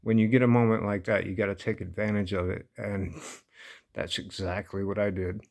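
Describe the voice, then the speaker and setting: A man's voice: lowish voice, little pitch movement, moderate pace, vocal fry, a little mellow. A man casually telling a personal story, laid-back and amused, often breaking into laughter. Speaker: vlogger.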